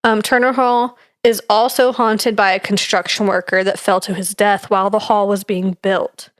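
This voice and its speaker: A woman's voice: mid-range voice, flat delivery, moderate pace, no room sound, studio quality. Chatty woman reading ghost notes. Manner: reads from notes with fillers, laughs easily. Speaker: podcast co-host presenting research. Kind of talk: casual chat.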